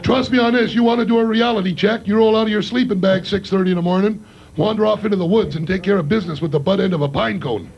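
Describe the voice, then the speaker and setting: A man emceeing a comedy show and doing his own stand-up on a club stage, with a loud, rowdy, hyped delivery. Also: sits high, steady tone, fast, creaky, slightly rough. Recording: dull lo-fi live club recording.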